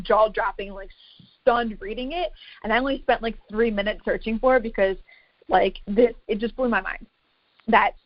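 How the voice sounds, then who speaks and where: A woman's voice: medium pitch, no echo, dull audio. A woman fitness coach giving a casual, chatty talk to an online group, emphatic and full of filler words.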